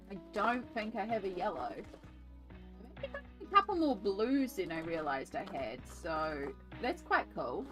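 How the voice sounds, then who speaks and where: A woman's voice: on the low side, a bit bright. A young woman streaming from her art desk, chatting casually and thinking aloud while she colours, with rambling asides. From Australia. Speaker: artist and streamer.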